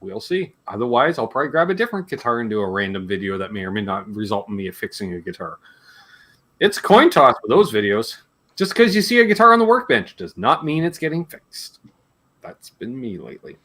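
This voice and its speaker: On his live guitar Q&A stream, a Canadian man in his forties keeps the chat casual and jokey, rambling and laughing between comments. His medium-pitched voice is sing-song, fairly quick, and fairly bright.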